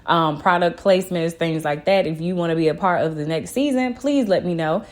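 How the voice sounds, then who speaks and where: Low-voiced woman, candid podcast host. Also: fairly quick. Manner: candid and emotional, with frequent "you know" fillers. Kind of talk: casual personal monologue.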